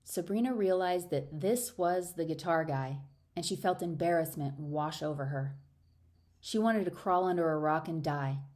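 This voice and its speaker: Woman narrator, low mellow voice, expressive audiobook reading. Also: moderate pace. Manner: expressive, raises pitch for dialogue.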